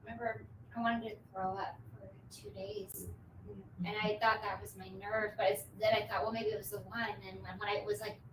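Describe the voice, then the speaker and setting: A woman's voice: medium pitch, flat delivery, brisk, distant mic. A woman hosting a casual chat, asking questions and laughing along. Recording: echoey room with noise.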